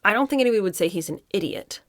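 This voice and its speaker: A woman's voice: mid-range voice, expressive, very fast, no room sound, clean studio sound. A woman hosting a podcast, reading passages from a book aloud and breaking off to give her own blunt opinions to her listeners. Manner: opinionated, talks straight to listeners. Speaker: podcast host.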